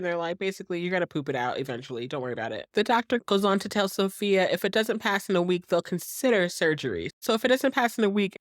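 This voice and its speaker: A woman hosting a podcast, casually recapping a TV episode in an animated way and acting out the characters' lines. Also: medium pitch, dry recording, clean studio sound. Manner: animated, acts out characters' lines, laughs often. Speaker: podcast host.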